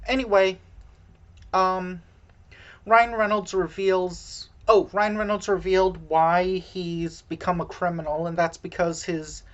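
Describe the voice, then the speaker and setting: Slow, low-voiced woman rambling through a recap. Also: fairly even intonation. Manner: halting, many fillers, self-deprecating asides. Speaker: movie recap vlogger. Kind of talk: casual rambling plot recap. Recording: dull lo-fi recording.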